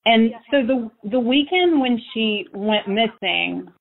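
Woman host, soft probing questions, tinny phone-line audio. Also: a little high, animated, takes it slowly, gravelly. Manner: gentle, searching questions with restarts. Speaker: interviewer and host. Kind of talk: interview questions.

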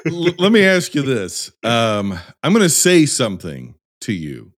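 A man's voice: medium pitch, huge pitch swings, a little slow. An American man hosting a podcast, chatting casually and teasing his guest with a jokey, giggly manner. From United States. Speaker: podcast host.

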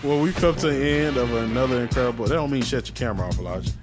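Brief: easygoing young male podcast host, clear music bed behind. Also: medium pitch, rapid-fire. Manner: relaxed, closes the show. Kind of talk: casual chat.

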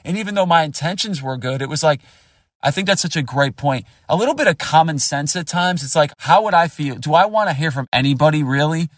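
A man's voice: fairly high pitch, expressive, a little fast, a bit bright, no echo, studio quality. A man in his forties, a podcast host, candidly telling a rambling story. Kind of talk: casual conversation.

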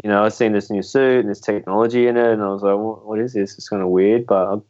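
This podcast guest, a young Australian spearfisher, talks fast in a lowish, darkish voice with a steady tone. He's relaxed and meandering, laughing as he spins casual stories for the interview, and the audio comes through muffled.

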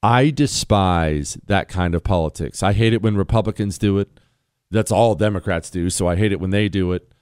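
A man's voice: deep voice, moderate pace, a little mellow, smooth, no room sound, studio quality. A man hosting a talk radio show, speaking bluntly and sarcastically with strong emphasis. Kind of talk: opinionated talk radio monologue.

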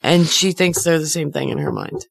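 A woman's voice: low-pitched, normal speed, gravelly, no room sound. A woman co-hosting a casual podcast chat, telling a story with lots of fillers and laughter. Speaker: podcast co-host.

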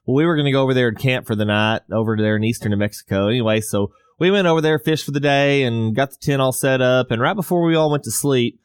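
A man's voice: medium pitch, quick pace, hardly any pauses, clear, resonant tone, dry recording. Middle-aged male host, rambling, a few laughs, dry close mic. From Southwest US. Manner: rambling storyteller, laughs often. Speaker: podcast host. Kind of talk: casual chat.

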